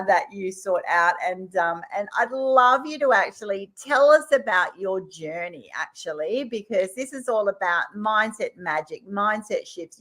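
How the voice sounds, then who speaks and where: A woman's voice: mid-range voice, fairly bright tone. Bubbly Australian woman hosting. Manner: bubbly, gushing, laughs often. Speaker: summit host and business coach. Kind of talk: enthusiastic interview chat.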